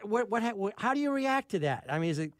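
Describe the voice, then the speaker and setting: A fairly high-voiced man hosting a talk radio interview, recorded dry and close in the studio. He talks in a halting way and restarts phrases as he goes. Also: sing-song, dry recording. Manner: halting, repeats words while searching. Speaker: radio talk show host.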